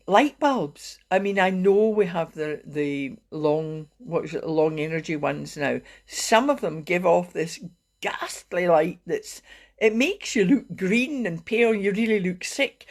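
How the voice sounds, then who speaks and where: A woman's voice: lowish voice, a little slow. Middle-aged lady rambling on a live stream, chatty, lots of ums. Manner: chatty and rambling, with frequent fillers and laughs. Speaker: wellbeing coach. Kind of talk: casual live-stream talk.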